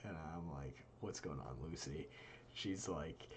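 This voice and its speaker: A man's voice: a little slow, a little hiss or hum. A young man, co-host of a live stream, casually telling a personal story and acting out his friends' lines. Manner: animated, voices quoted friends with big jumps in pitch.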